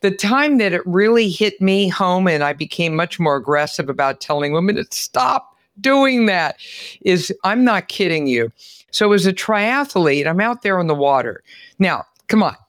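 A woman hosting a podcast, telling stories in an animated, chatty way and exclaiming often. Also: lowish voice, moderate pace, no room sound, studio quality. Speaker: podcast host. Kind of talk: casual interview chat.

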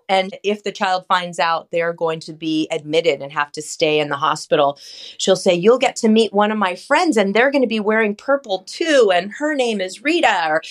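A woman speaking as a child life specialist, upbeat and explaining with examples in an interview. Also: medium pitch. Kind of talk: interview answers.

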